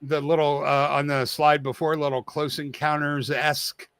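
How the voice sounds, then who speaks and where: A man's voice: fairly high pitch, level tone, normal speed, fairly bright tone, smooth, no echo. A man co-hosting a casual film review chat, laughing easily and trailing off mid-thought.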